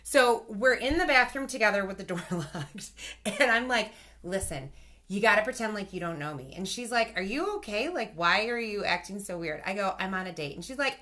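A woman in her thirties telling a casual story in a chat, animated and swearing, acting out the voices of the people in it. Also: a little high, fairly quick, noisy background.

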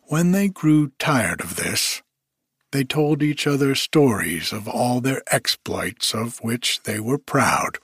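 Male audiobook reader, husky tone, unhurried, dry close sound. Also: medium pitch, animated, a bit bright, dry recording. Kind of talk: scripted storybook narration.

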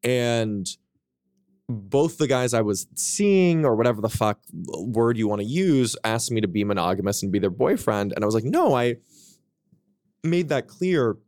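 A man on a podcast as a guest author, telling his story in a frank, casual way, with quick self-mocking asides and plenty of swearing. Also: lowish voice, lively intonation, darkish tone, dry recording, studio quality.

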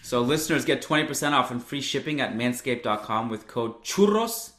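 A man's voice: medium pitch, fairly quick, pushed and bright. Upbeat man hosting a podcast, roomy sound. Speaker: podcast host. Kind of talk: casual podcast chat and ad read.

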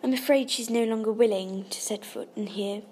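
A woman's voice: fairly high pitch, a little fast, a little mellow, slight background noise, natural voice. A woman reading an audiobook and voicing an anxious, polite adult woman who speaks formally. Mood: uneasy. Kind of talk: audiobook character voice.

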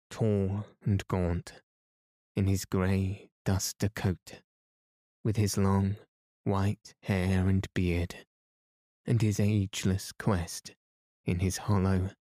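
A man narrates a bedtime story in a slow, soothing reading. His voice is low and warm, with a flat, even melody, recorded close and dry. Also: dry recording.

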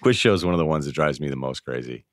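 A man chatting as a podcast guest, telling animated stories and acting out quoted lines. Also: extremely low pitch, rapid-fire, no echo, clean studio sound. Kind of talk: casual sports podcast chat.

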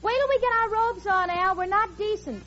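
A woman's voice: extremely high pitch, a little fast, fairly bright tone, a little hiss or hum. An actress playing a sensible, exasperated young working woman in 1940s radio comedy, with a wisecracking delivery. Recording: dull old radio recording with studio audience.

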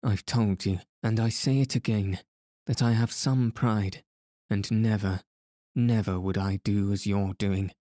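A man reads a proud young woman who is bitter and upset, in an audiobook. The voice is low, unhurried and dark, with a dry, close sound. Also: steady tone, no echo, close to an everyday voice.

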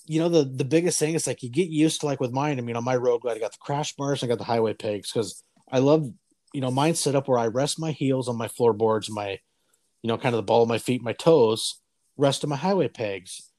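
A man's voice: mid-range voice, fairly quick, darkish tone, no room sound. A man in his forties hosting a casual chat, telling stories in a loose, profane way and acting out the voices of people he quotes. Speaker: podcast host.

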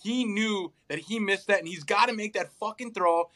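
A man's voice: high voice, normal speed, bright, forceful tone. A young man co-hosting a casual sports chat, ranting in an exasperated way and swearing often. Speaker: podcast co-host.

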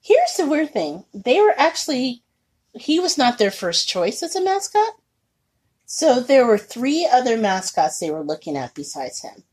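A woman co-hosting a podcast in casual chat, laughing often and animated. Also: on the high side, husky. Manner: laughs often, animated, quick bursts of surprise. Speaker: podcast co-host.

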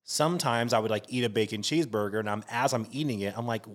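A man co-hosting a podcast in casual chat, swearing freely and breaking into animated outbursts. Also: medium pitch, fast, few pauses. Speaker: podcast co-host.

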